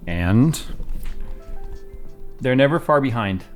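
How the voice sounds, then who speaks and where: A man's voice: medium pitch, animated, slow, faint music behind. Man rambling through his house tour. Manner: rambling and conversational, restarts sentences. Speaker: tech YouTuber showing his home. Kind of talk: casual vlog walkthrough. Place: house, walking between rooms.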